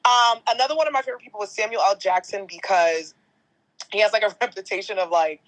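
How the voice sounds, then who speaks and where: Lively woman in her 30s chatting on a podcast, casual, cusses a bit, mid pitch. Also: quick pace, rough recording. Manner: animated storyteller, swears casually. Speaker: guest, entertainment host.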